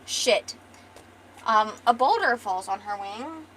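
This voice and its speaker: A woman's voice: on the high side, expressive, slow, a bit bright, slight background noise, low-quality recording. A young woman streamer casually retelling her comic's story, rambling with profane joking asides. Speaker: artist and streamer.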